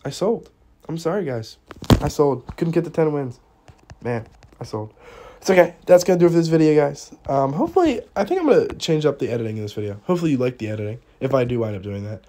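A young man giving live commentary over his own gameplay, excitable, swinging from quiet muttering to loud outbursts at the game. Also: fairly high pitch, quick pace, a little hiss or hum. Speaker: gaming YouTuber.

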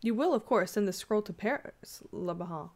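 A woman's voice: mid-range voice, animated, a little mellow. A woman reading aloud, voicing a brash, skeptical young American man who scoffs at superstition. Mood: animated. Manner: scoffing, brisk. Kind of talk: audiobook reading.

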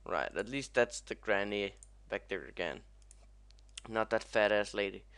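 A young man commentating as he plays a video game, excitable and swearing often. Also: fairly low pitch, a little slow, clean tone. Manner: excitable, swears a lot, yelps at crashes. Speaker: gaming commentator. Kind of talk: let's play commentary.

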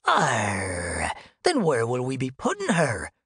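A man voicing a gruff but soft-hearted male pirate with a hook hand, who growls "arr" and frets. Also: mid-range voice, huge pitch swings, takes it slowly, no room sound, studio quality, voice pushed down, heavily acted. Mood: fretful. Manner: growls "arr" before every line, fussy and worried.

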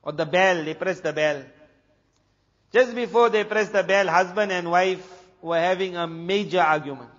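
A man from South Africa, a preacher telling a story in an animated way, dropping to a hush for the dramatic moments. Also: high voice, normal speed. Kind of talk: storytelling talk. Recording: dull lo-fi recording with long hall reverb.

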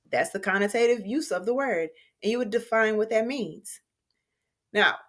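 Woman teacher explaining an essay lesson. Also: mid-range voice. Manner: friendly, conversational, explaining step by step. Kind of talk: recorded writing lesson.

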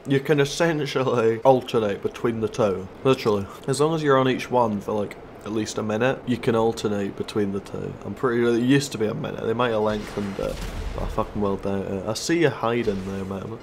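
A man's voice: lowish voice, brisk, creaky, slight background noise. A man giving casual, sweary gameplay commentary, taunting and mocking other players. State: stoned. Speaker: gaming YouTuber.

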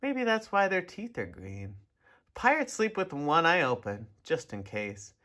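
A man reading a children's picture book aloud in an expressive, animated way. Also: a little high, unhurried. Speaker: storybook reader. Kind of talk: children's story read-aloud.

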